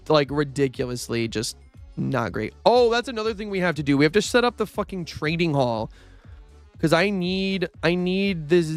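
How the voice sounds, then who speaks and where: A man's voice: a little high, no echo. A young man chatting casually while streaming a game, rambling with lots of fillers and casual swearing. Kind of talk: casual gaming livestream chat.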